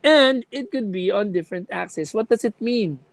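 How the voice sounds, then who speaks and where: A woman's voice: mid-range voice, normal speed, creaky, no echo, poor audio. A woman lecturing a class on contact lenses, explaining with examples and checking that students follow.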